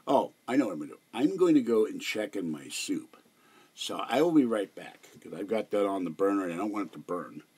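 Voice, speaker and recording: A man's voice: fairly low pitch, lively intonation, a little fast, a little mellow, slightly rough. An older man chatting casually at home on a livestream, telling rambling, digressive stories. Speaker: livestream host.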